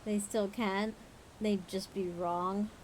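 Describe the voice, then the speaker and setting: A woman with a middle-pitched voice reads spooky stories aloud on a livestream. She keeps breaking off for frank, profane, laughing asides while she fights the hiccups. A faint hum of room sound sits underneath. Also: steady tone, slow, low-quality recording. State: has the hiccups; tired. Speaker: livestream host. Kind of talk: reading spooky stories aloud, with casual chat.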